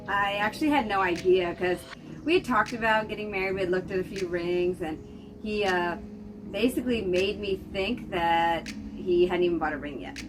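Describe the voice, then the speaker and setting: An American woman casually telling the story of her marriage in a lively, laughing way. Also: mid-range voice, normal speed. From United States. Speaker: interviewee, wife. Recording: distant mic with music underneath.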